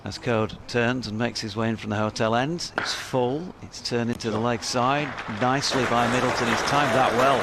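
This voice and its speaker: A man commentating ball by ball on cricket in a steady, measured way, livening up when a wicket falls. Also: mid-range voice. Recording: loud crowd and outdoor noise behind.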